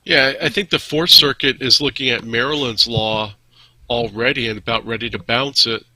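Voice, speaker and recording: A man co-hosting a podcast, talking through news in a measured, plain-spoken way. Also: medium pitch, pushed and bright, a little hiss or hum, poor audio. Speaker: podcast co-host. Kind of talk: casual news discussion.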